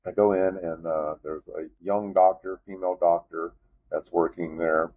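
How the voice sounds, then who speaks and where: A deep, husky-voiced man in his fifties tells his story in a casual interview, with his voice climbing sharply whenever he is exasperated. He comes through a narrow, phone-like line that thins out his sound. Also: normal speed. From United States. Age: 50s. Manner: animated storyteller, voice jumps up in disbelief. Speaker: guest, Army veteran.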